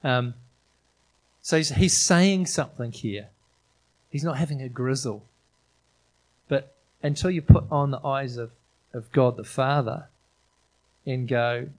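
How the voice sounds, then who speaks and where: A man's voice: medium pitch, slow pace, pauses often, a little mellow, low-quality recording. Chatty man preaching a sermon. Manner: conversational, enthusiastic, frequent restarts and fillers. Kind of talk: informal sermon.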